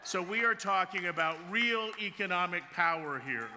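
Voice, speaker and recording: A man's voice: high-pitched, normal speed, background noise. A man accepting an award at a gala, speaking with humor as a chamber of commerce leader. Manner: joking, lively public speaker. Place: large gala ballroom. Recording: reverberant hall sound.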